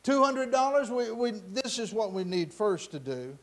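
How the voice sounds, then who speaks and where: A man's voice: high voice, sing-song, moderate pace, pitched above the performer's own voice. A man voicing an auctioneer who keeps calling out for bids in a raised, insistent voice.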